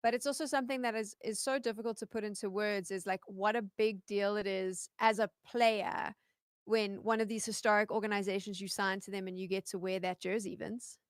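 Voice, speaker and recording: A South African woman hosting an esports show, chatty and upbeat, reading out fan shout-outs. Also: medium pitch, fairly even intonation, brisk, clear, resonant tone, dry recording, studio quality. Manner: upbeat, chatty, stumbling through usernames. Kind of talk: live esports broadcast hosting.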